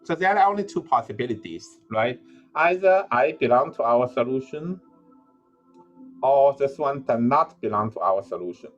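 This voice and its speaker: Male lecturer, average pitch, hesitant think-aloud delivery, faint music under. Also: lively intonation, moderate pace, highs cut off. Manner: thinking aloud with frequent "uh" and self-corrections. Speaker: university lecturer. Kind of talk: recorded lecture.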